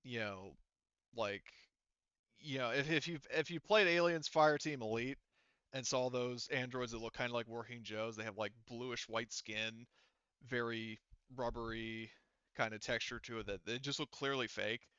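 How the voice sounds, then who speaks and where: Bright, rambling male game master. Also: medium pitch, moderate pace, smooth, no room sound, lo-fi sound. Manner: rambling, full of fillers and restarts. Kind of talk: narrating a tabletop game.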